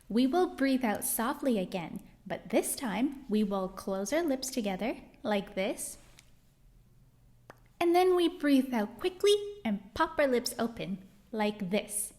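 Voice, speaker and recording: Cheerful, animated woman teaching kids phonics. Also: a little high. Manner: slow, cheerful, exaggerated praise for kids; sounds out letters carefully. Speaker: reading teacher for young children. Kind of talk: children's phonics lesson.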